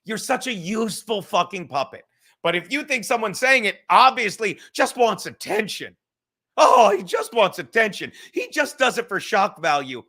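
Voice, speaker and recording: A man with a New York accent hosting a podcast livestream, ranting loudly and profanely, swinging between shouting and muttering asides. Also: high voice. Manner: loud, swearing, rambling, shifts from shouting to mumbling. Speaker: podcast host.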